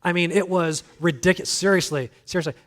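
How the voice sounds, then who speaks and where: A man's voice: high-pitched, fairly even intonation, fast. A male guest speaker giving a sermon in a conversational, emphatic way, with self-deprecating humor. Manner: emphatic, repeats key phrases.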